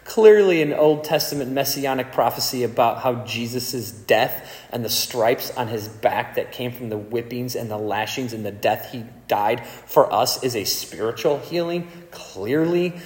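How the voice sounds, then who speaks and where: A man preaching a sermon as pastor, indignant and impassioned, with sudden forceful peaks. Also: medium pitch. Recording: echoey hall with long reverb.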